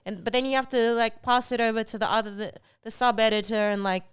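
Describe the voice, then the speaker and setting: A woman's voice: a little high, fairly even intonation, fast, clear, resonant tone, no room sound. A woman guest on a podcast, chatting casually and filling her talk with "like". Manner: chatty, heavy use of "like". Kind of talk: casual chat.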